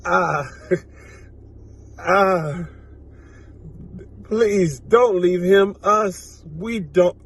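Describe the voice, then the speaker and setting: Incredulous man reacting, high and lively. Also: breathy edge. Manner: incredulous, rambling, animated. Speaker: comedian. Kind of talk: comedic reaction commentary.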